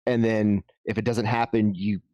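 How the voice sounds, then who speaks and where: A man running a tabletop game as game master, explaining rules in a halting way with frequent restarts. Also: fairly low pitch, little pitch movement, a little mellow, no room sound, lo-fi sound.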